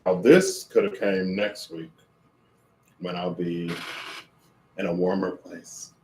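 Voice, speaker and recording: A man's voice: low voice, fairly even intonation, slow, a little mellow, echoey room, slight background noise, poor audio. A man streaming casually at home, rambling and amused with himself while he cooks and eats. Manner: rambling, self-amused, talks with mouth full. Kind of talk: casual livestream chat while cooking and eating.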